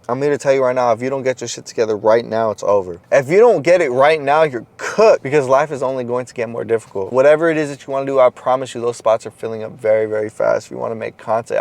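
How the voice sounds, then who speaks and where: A man giving a blunt, profane motivational monologue to his viewers, swinging between loud urging and low, quiet stretches. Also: no echo. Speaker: motivational content creator.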